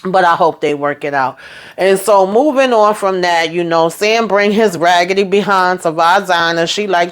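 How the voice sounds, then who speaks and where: A woman chatting casually through a TV episode recap, retelling scenes in a lively, filler-filled way. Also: lowish voice, normal speed, clear, resonant tone. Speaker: TV show recap vlogger.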